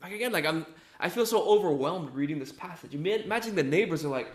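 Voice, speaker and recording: Casual young guy preaching, keeps saying "right?", slightly high voice. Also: animated, fast talker. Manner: conversational, keeps asking "right?", acts out quotes. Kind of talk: casual sermon. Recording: echoey room.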